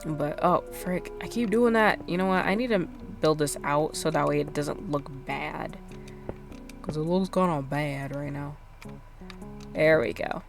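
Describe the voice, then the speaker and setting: A woman's voice: low voice, a little slow, gravelly, soft background music. A woman streamer chatting casually while she plays, rambling with lots of fillers and self-deprecating asides. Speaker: game streamer. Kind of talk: casual gameplay chat.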